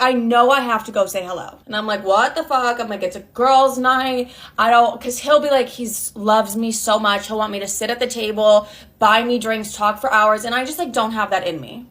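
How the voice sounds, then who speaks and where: A woman in her twenties telling a storytime casually, outspoken and animated, swearing often and acting out what people said. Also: on the high side. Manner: outspoken, animated, frequent swearing, acts out quotes.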